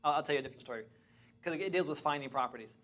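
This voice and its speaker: A man in a training session, telling animated stories about finding property to a class. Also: fairly high pitch, rapid-fire. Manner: animated, chatty, restarts and laughs. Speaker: real estate investing trainer. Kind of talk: lively storytelling to a class.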